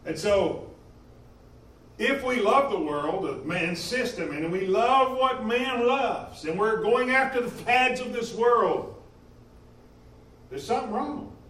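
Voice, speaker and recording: A man preaching a sermon in a church, impassioned, swinging between loud emphasis and quieter stretches. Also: sits high, a little hiss or hum. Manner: impassioned, rising and falling in emphasis. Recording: echoey room from a distance.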